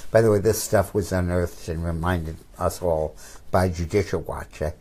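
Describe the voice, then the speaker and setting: A man's voice: low-pitched, steady tone, normal speed, darkish tone. An older man, a political commentator, telling anecdotes in a casual chat with frequent restarts.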